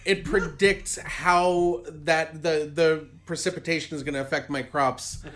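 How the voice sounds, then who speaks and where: A young man co-hosting a podcast, joking loudly in crude, casual banter and swearing a lot. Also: fairly high pitch, steady tone, measured pace, a little hiss or hum. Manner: loud, joking, swears a lot, laughs often. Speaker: podcast co-host.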